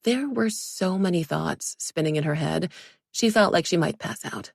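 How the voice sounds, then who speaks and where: Brief: woman narrator, wry and dry, low gravelly voice, close and dead-dry recording. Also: moderate pace, no echo. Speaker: audiobook narrator. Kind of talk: audiobook narration.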